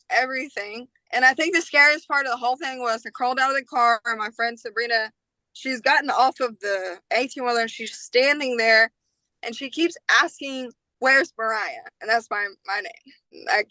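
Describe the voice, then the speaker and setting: A woman's voice: a little high, pushed and bright, no echo, poor audio. A woman in her twenties, a podcast guest, tells a personal story in a casual, slangy way, acting out other people's lines.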